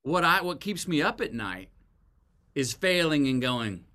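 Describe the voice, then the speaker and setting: A man's voice: mid-range voice, animated, normal speed, pushed and bright. A man being interviewed as an author, talking casually and acting out quoted lines with a folksy, storytelling manner. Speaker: guest, author.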